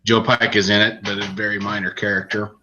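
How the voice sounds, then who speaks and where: A man's voice: lowish voice, fast talker, lo-fi sound, slight background noise. A man on a podcast, chatting casually as he retells a book's plot in a rambling way, with restarts along the way. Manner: relaxed, rambling storytelling with restarts. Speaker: podcast co-host reviewing books. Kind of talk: casual chat.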